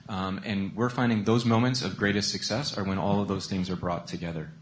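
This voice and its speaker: Very deep-voiced halting male panelist. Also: steady tone, a little hiss or hum. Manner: halting, many fillers and restarts. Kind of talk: panel discussion answer.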